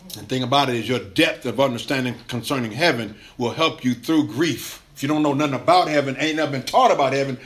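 Talking fast with few pauses, a medium-pitched male pastor gives a colloquial, lively sermon, laughing often and constantly restarting his phrases.

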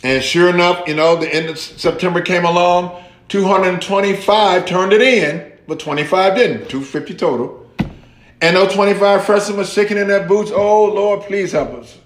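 A man's voice: sits high, normal speed, echoey room. A man preaching a sermon, telling a story and acting out the voices of the people in it. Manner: animated storytelling, acts out quoted voices. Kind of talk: sermon illustration.

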